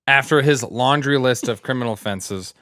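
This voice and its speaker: A man co-hosting a podcast, spinning stories in a casual, profane way and acting out the people he quotes. His voice sits at an ordinary middle pitch. The recording is dry and close, with no room sound. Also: moderate pace, fairly bright tone, no room sound. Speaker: podcast co-host. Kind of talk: casual chat.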